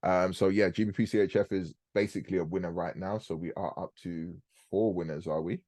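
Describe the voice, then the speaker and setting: A young man hosting a live trading call, explaining chart setups in a fast, casual, slangy way. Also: sits low, fairly even intonation, a little mellow, no room sound. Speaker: forex trading host.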